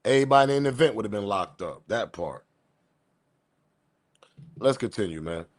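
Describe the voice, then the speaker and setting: A man hosting a live stream, talking in a casual, rambling and slangy way, reacting to a video and shouting out viewers. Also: on the low side, expressive, moderate pace, no room sound. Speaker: host.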